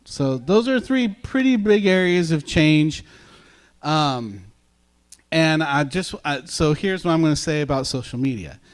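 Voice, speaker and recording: A man's voice: fairly high pitch, animated, unhurried. A man preaching a casual sermon as pastor, chatty and self-deprecating, bantering with his congregation.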